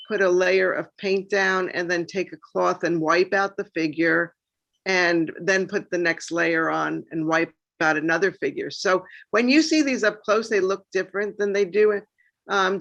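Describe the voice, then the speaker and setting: A woman's voice: fairly low pitch, gravelly, a bit bright. A woman artist explaining her painting process in a thoughtful, explanatory way over a video call. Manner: thoughtful, explanatory, many fillers. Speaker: painter in the exhibition. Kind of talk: casual video-call discussion.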